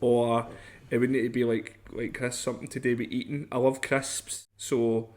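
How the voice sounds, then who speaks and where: A man's voice: mid-range voice, flat delivery, normal speed, darkish tone. A Scottish man chatting casually as a podcast co-host, rambling and self-deprecating. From Scotland. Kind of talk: casual chat.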